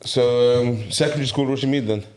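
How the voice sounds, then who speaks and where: A man hosting a podcast, asking brisk, agreeable interview questions. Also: medium pitch, steady tone, a little mellow. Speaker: podcast host.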